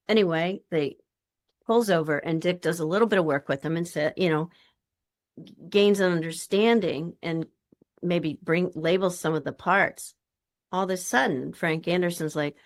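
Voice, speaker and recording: A woman's voice: on the low side, measured pace. A woman presenting a workshop in a chatty, informal teaching style. She acts out the voices of the people she quotes.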